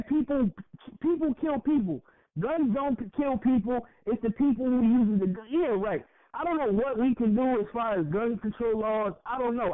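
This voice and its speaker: A man's voice: sits high, no echo. Heated profane man on a tinny line. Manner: heated, profane, repeats words when worked up. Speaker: podcast co-host. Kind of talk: impassioned casual podcast rant. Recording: tinny phone-like audio.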